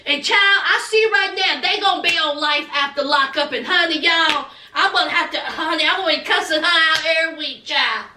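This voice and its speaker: A woman's voice: very high-pitched, brisk, hardly any pauses, echoey room, distant mic, background noise. A woman recapping a reality TV episode in a sassy, dramatic, scolding way, full of slang. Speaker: TV recap vlogger.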